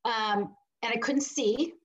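A middle-aged woman with a high-ish voice speaks slowly as an interview guest, over poor audio. She tells a personal story with animation, acts out the voices she quotes, and laughs between lines.

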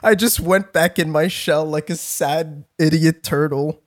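A man's voice: fairly high pitch, fairly even intonation, unhurried. A young man co-hosting a podcast, telling a story in a rambling way, swearing and laughing at himself. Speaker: podcast co-host. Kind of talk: casual chat.

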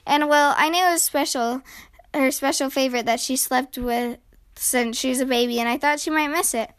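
A woman's voice: sits high, moderate pace, a bit bright, smooth, dry recording. A woman voicing a bossy, braggy six-year-old girl bear cub in a storybook, sounding commanding.

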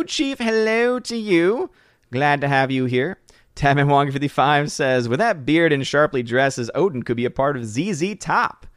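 A man hosting a casual live stream, greeting viewers by name and reading their comments aloud. His voice is smooth and clear at a middle pitch, and it sounds dry and close on the microphone. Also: no room sound. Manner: chatty, reads chat names aloud with frequent fillers. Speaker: livestream host.

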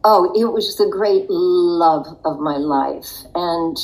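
An older woman, a guest on an interview show, telling a personal story in a reflective way with soft laughs. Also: fairly low pitch, takes it slowly, rough recording. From United States.

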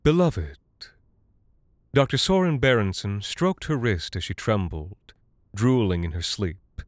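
A man narrating a dark literary story in a measured, deadpan way. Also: lowish voice, dry recording.

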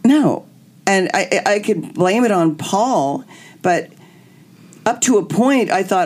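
A woman's voice: mid-range voice, takes it slowly, long pauses. A woman guest candidly telling a personal story, acting out what people said. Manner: animated, acts out quotes.

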